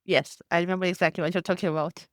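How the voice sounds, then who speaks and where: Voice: mid-range voice, level tone, rapid-fire, no room sound, studio quality. A podcast host talking with a coach, answering in a thoughtful, slightly hesitant way and correcting themself mid-phrase. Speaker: podcast host receiving advice. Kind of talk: casual interview reply.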